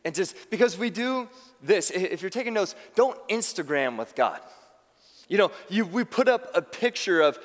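A man preaching a sermon as pastor, talking conversationally and telling stories with quick restarts. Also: sits high, big-room sound. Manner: conversational, animated storytelling with restarts. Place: church sanctuary.

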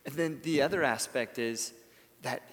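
Man, pastor, sermon, earnest, swells to emphatic peaks then goes soft, mid-pitched voice, long hall echo. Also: normal speed.

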